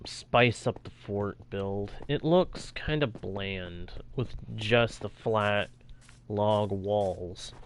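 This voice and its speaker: A man's voice: medium pitch, a bit bright. A young man talking casually over his own gameplay as a streamer, reacting aloud to what happens on screen. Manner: chatty, reacts aloud while playing. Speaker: gaming streamer.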